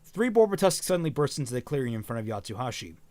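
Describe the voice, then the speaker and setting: A man reads a fan story aloud in a casual, animated way, his pitch swinging widely. He often trips over words and corrects himself, with blunt, profane asides. The recording is dry and close. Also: quick pace, no echo. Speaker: stream host reading a fan story aloud.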